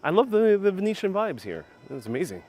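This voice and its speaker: A man's voice: sits high, sing-song, fairly quick, dark tone. A man whose first language is Spanish hosts a live walking tour outdoors and reads viewer comments aloud in a casual, self-correcting way. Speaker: travel vlog host. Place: outdoors in old town streets. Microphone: phone on gimbal with clip-on mic.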